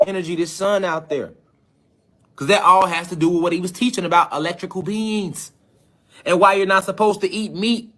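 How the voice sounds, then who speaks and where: A man teaches his livestream audience in a preachy, emphatic way, throwing out rhetorical questions. His voice sits a little higher than most men's. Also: steady tone, normal speed, fairly bright tone.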